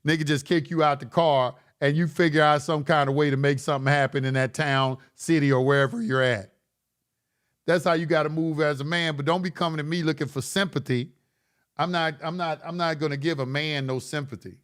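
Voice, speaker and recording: A man's voice: a little high, steady tone, brisk, a bit bright. A middle-aged man hosting a late-night livestream, talking bluntly and profanely in a preachy way that rises to impassioned. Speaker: online course host.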